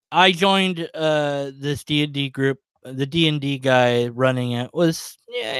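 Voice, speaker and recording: A man's voice: medium pitch, a bit bright, smooth, no echo. A man telling a long, rambling story on his livestream, chuckling as he goes, full of fillers. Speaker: livestream host. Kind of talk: casual storytelling.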